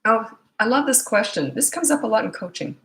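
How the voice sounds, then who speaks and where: A woman's voice: a little high, expressive, fairly quick, a bit bright, echoey room. A middle-aged woman coaching parents in a rambling, chatty live Q&A with many asides. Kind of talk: casual live Q&A.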